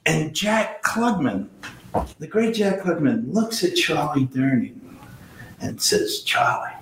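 An older man, a veteran actor, telling animated anecdotes in an interview and acting out his friends' lines. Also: on the high side, slow pace, creaky, echoey room, noisy background. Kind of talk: storytelling interview.

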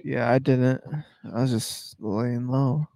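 A man's voice: mid-range voice, steady tone, takes it slowly, gravelly, warm tone, no room sound, clean studio sound. A man co-hosting a podcast, firing off teasing, jokey replies in casual banter. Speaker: podcast co-host.

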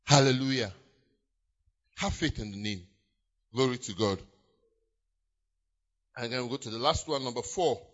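A man preaching a sermon in church, acting out little scenes with loud exclamations. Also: medium pitch, a little slow, long pauses. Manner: animated, acts out scenes with shouted exclamations. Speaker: pastor. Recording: dull lo-fi church recording.

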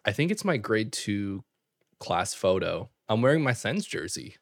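A young man from Canada spins a funny family story in easy podcast chat. His voice sits a little low and the recording is close and dry. He talks fast and loose, full of asides and "like". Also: creaky, no echo. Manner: animated storyteller, fast filler-heavy talk with laughs. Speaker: podcast co-host. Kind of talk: casual chat.

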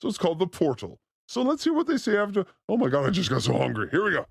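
Gravelly, crude joking livestream host. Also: male voice, sits high, huge pitch swings, quick pace. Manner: crude, joking, slips into put-on accents. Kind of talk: loose comedic livestream chat.

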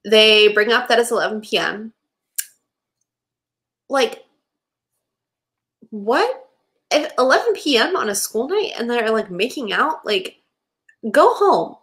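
A young woman co-hosting a casual rewatch podcast, animated and exasperated, saying "like" constantly. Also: on the high side, slow pace, pauses often. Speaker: podcast co-host.

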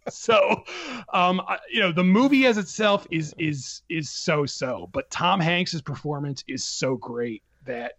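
A man talking about films as a podcast guest, in an animated casual way with many restarts and fillers. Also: fairly high pitch, a little slow, no echo. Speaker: film critic guest.

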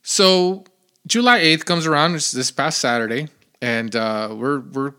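A man hosting his own podcast, telling a rambling story in a casual, animated way with lots of fillers. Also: a little high, unhurried, clear, resonant tone. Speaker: podcast host.

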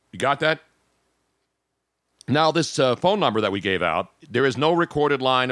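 A man's voice: mid-range voice, bright, forceful tone, dry recording, studio quality. A man hosting a casual sports talk show, joking and rambling between topics.

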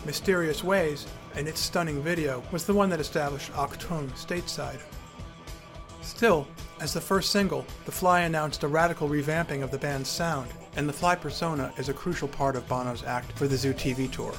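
A man's voice: fairly high pitch, moderate pace, music in the background. A man narrating his own memoir in a wry, conversational storytelling manner.

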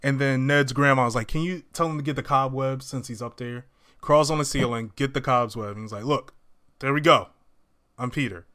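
A man's voice: medium pitch, a little fast, a bit bright. A man casually retelling a movie scene by scene to friends, acting out the characters' lines. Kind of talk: casual movie recap chat.

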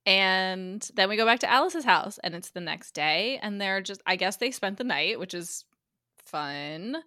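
A woman co-hosting a podcast, recapping a TV episode as a lively storyteller who acts out the characters' lines, laughs often and swears casually. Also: mid-range voice, measured pace, dry recording, clean studio sound. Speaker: guest co-host recapping a TV episode.

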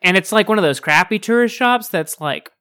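A woman's voice: medium pitch, expressive, a little fast, a bit bright. A woman running a tabletop game, narrating in a casual, playful way. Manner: casual, playful, laughs often. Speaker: game master.

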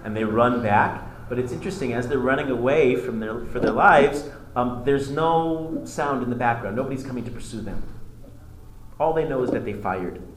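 Brief: history teacher, storytelling lecture, mid pitch, roomy classroom sound. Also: male voice, moderate pace. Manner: animated storytelling with frequent restarts. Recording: echoey classroom with faint noise.

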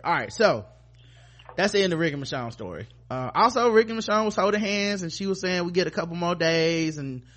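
A man's voice: mid-range voice, fairly bright tone. A man hosting a podcast, recapping a TV episode in loose, profane casual chat and mimicking the characters as he goes. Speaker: podcast host.

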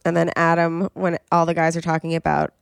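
A woman's voice: fairly low pitch, completely flat delivery, fairly quick, vocal fry, clean tone, dry recording, clean studio sound. A young woman co-hosting a podcast, chatting casually about a reality show and quoting the cast in playful voices. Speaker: podcast co-host. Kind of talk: casual reality TV recap chat.

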